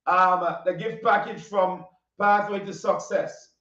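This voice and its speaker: A man with a Caribbean accent hosting a casual interview, animated, often laughing and repeating his questions. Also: high-pitched, slow pace, hardly any pauses, background noise. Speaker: interview host. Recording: distant, roomy, dull audio.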